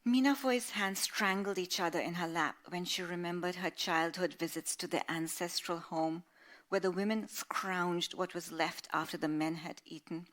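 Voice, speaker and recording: A woman author reads from her novel to listeners, her voice a bit low. She is measured and expressive, shaping each sentence with care. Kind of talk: literary reading aloud.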